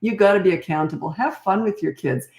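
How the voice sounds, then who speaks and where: Speaking a little fast in a mid-range, darkish voice, this older woman talks casually while coaching parents. She is blunt and no-nonsense and often performs the lines parents and kids say. The recording is reverberant.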